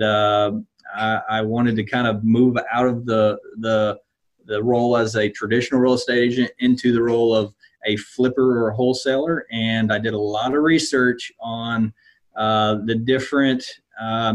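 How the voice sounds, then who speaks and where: A man with a low, level voice talks through his career path in real estate. His speech is loose and rambling, full of fillers and restarts, and his pitch barely rises or falls. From United States. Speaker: real estate investor guest. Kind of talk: casual conversation.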